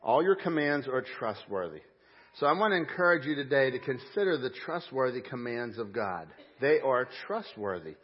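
A man's voice: medium pitch, big pitch swings, normal speed, husky. A man pastor preaching a sermon in church, emphatic with folksy asides and audible huffing breath. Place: church sanctuary. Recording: dull muffled audio.

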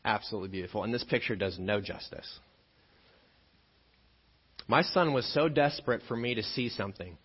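Guy pastor preaching, animated storyteller, jokey, muffled lo-fi audio. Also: on the low side, normal speed, pauses often, slightly rough, in a large hall. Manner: animated, joking storyteller who acts out scenes. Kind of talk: sermon with personal storytelling. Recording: dull lo-fi sermon recording.

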